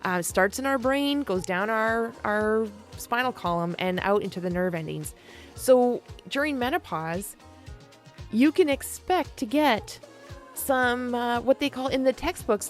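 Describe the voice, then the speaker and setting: A woman in her forties talks frankly in a playful, animated monologue, and her voice sits a bit high. She calls her listeners affectionate pet names. Faint music plays behind her. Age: 40s. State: perimenopausal. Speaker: podcast host. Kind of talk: casual monologue.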